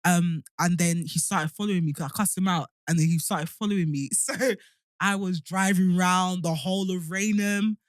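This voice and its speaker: A young woman, co-hosting a podcast in casual chat, telling stories in an animated way and swearing freely. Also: lowish voice, normal speed, no echo, clean studio sound. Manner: animated storytelling, swears freely, acts out shouting. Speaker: podcast co-host.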